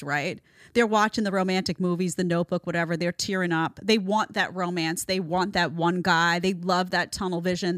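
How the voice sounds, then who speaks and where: A woman host delivers reaction commentary in a fairly low voice, pressing her points and repeating phrases for weight. The sound is close and dry, with no room around it. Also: dry recording. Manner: emphatic, repeats phrases for stress. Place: studio in Florida.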